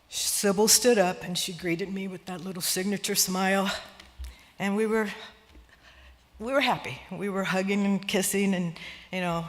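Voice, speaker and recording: An older woman speaking at her sister's memorial, emotional and laughing through tears as she shares memories and reads a poem. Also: fairly low pitch. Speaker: sister of the deceased giving a eulogy. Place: church sanctuary. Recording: long church-hall reverb.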